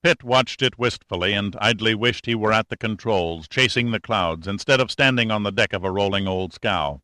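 Low, bright-toned male narrator. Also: moderate pace, dry recording. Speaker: audiobook narrator. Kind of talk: scripted narration.

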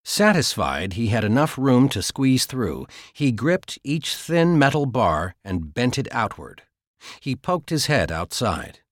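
A man narrating a thriller audiobook in a steady, measured storytelling voice. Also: medium pitch, no echo, studio quality. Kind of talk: scripted narration.

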